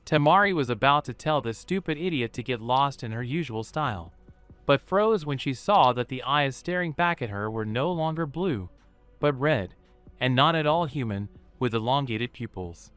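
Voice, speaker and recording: A man narrating a fan fiction story in an even storytelling read. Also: mid-range voice, moderate pace, clean tone, no echo, faint music behind.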